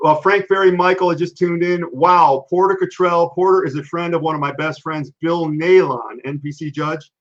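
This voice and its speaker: A man's voice: a little high, steady tone, moderate pace, hardly any pauses, muffled recording. A man in his fifties hosting a casual live stream chat, talking in a chatty way and breaking off to read viewer comments.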